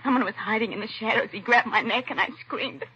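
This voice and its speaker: A terrified young wife. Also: female voice, on the high side, quick pace, bright, forceful tone, husky, exaggerated voice. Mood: frightened. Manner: breathless and fearful. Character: frightened young woman, detective's wife, shaken. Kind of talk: 1940s radio drama acting. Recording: dull lo-fi 1940s radio recording.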